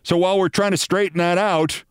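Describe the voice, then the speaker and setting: A man's voice: high-pitched, fairly even intonation, brisk, clean tone, dry recording, studio quality. A man in his sixties hosting a show, telling a personal story in a wry monologue and acting out the voices of the people in it.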